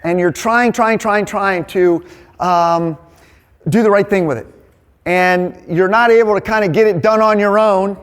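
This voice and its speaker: A man leading a men's Bible study, teaching in a casual, energetic, conversational way. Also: sits high, smooth. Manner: energetic, conversational, quick asides. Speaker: men's ministry leader.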